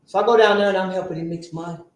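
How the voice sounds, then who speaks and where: A man telling his recovery story to a live audience, animated and sometimes shouting. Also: sits high, fast talker. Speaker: speaker sharing a recovery story. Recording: very echoey room, faint noise.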